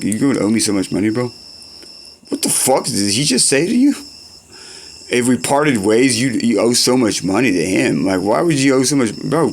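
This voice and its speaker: Young guy w a low raspy fry voice goofing thru a swearing comedy bit, faint bugs in the bg. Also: a little hiss or hum. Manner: rambling, profane, slangy back-and-forth. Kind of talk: improvised comedy skit banter.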